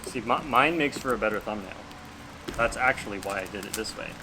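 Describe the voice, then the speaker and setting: A young man talks in a dry, deadpan manner, trading teasing remarks at a mid pitch. Loud crinkling packaging noise fills the background. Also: brisk. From Canada. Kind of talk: casual chat while unboxing.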